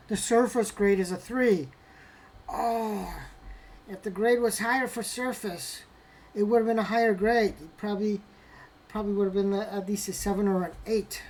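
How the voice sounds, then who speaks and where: A woman's voice: mid-range voice, fairly even intonation, moderate pace, a little mellow. A woman casually narrating as she opens graded trading cards, talking to herself and lamenting bad results with mock drama. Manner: talks to herself while handling cards. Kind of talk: casual unboxing commentary.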